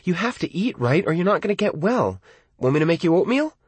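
A man's voice: high-pitched, big pitch swings, fairly quick, slightly rough, dry recording, pitched above the performer's own voice, exaggerated voice. A man voicing a doting, worried middle-aged mother in an audiobook, asking anxious motherly questions. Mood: fussing. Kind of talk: audiobook character voice.

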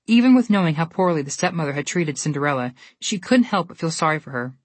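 A woman narrating a storybook in a steady, even reading manner. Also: sits low, fast talker, dry recording.

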